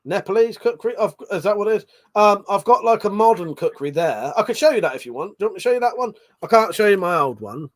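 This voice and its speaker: A man's voice: high-pitched, lively intonation, fast, hardly any pauses, no echo, clean studio sound. A British man hosting a casual late-night livestream. He is tipsy, laughs often, swears freely and reads chat comments aloud. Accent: British English. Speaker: livestream host.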